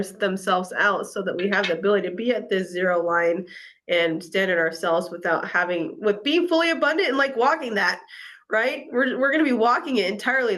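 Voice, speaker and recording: A woman talking casually about spiritual topics in a relaxed, affirming way, over a video call. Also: medium pitch. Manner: relaxed, affirming, quotes herself. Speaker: co-host.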